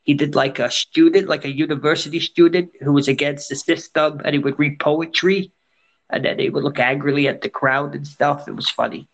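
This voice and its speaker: A man with a nasal voice tells rambling anecdotes in casual chat. His voice sits a little high, with a gravelly edge. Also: steady tone, brisk, dull audio. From Scotland. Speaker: entertainer and guest.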